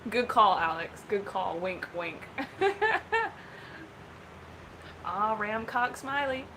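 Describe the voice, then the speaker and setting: A woman's voice: medium pitch, animated, unhurried, bright, forceful tone, a little hiss or hum. Giggly American woman livestreaming from home. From United States. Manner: giggly, playful. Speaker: livestream co-host. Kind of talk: casual livestream chat. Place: home room.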